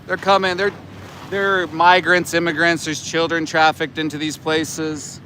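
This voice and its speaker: A man's voice: a little high, flat delivery, measured pace, bright, forceful tone, slight background noise. A middle-aged man doing livestream commentary outdoors, blunt, profane and indignant. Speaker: animal rights activist, livestreamer. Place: outdoors by a roadside.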